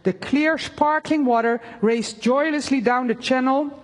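A woman preaching a sermon and reading a story aloud, earnest and halting, with fillers. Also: high voice, big-room sound.

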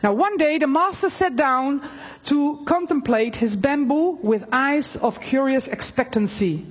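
A woman preaching a sermon and reading a story aloud, earnest and halting, with fillers. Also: high voice, big-room sound.

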